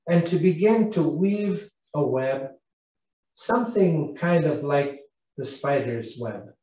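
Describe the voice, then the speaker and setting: A man from British Columbia, an Indigenous cultural interpreter, telling a gentle, unhurried storytelling lesson to schoolchildren and asking them questions. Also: a little high, animated. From British Columbia, Canada. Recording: echoey, distant, dull live broadcast sound.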